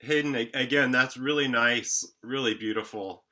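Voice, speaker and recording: A man giving encouraging feedback in a horn masterclass, pausing often with "um". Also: mid-range voice, sharp tone. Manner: encouraging, hesitant with many "um"s. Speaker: horn teacher.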